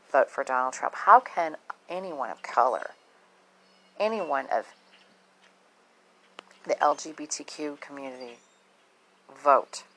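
A woman speaking in a low, deep voice. She talks to her viewers in a blunt, outspoken way, swearing freely and not holding back. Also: fairly bright tone, slight background noise, poor audio. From southern United States. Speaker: vlogger. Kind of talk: casual monologue to camera.

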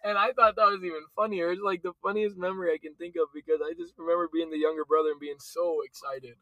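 A man's voice: on the high side, fairly even intonation, fast, sharp tone, muffled recording. A young man co-hosting a casual family chat podcast, joking, laughing often and restarting his sentences. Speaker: podcast co-host.

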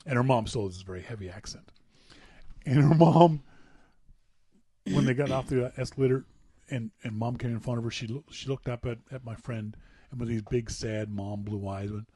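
A man's voice: medium pitch, normal speed, slightly rough, dry recording. A man co-hosting a podcast, telling stories in a playful, laughing way. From Canada. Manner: animated, playful storyteller who laughs at his own tales. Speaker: podcast co-host. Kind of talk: casual storytelling chat.

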